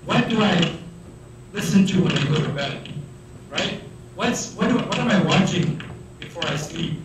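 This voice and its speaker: A man giving a religious lecture to students, animated, acting out the voices of the people he describes. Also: high-pitched, moderate pace. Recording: echoey hall, mic far off, faint noise.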